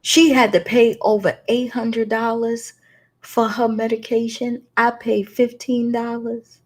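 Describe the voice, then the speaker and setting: A woman's voice: fairly high pitch, flat delivery, unhurried, darkish tone. A woman hosting a talk, telling a personal story with emotion and preacher-like emphasis. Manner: emotional, preacherly storytelling addressing listeners as y'all. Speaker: host.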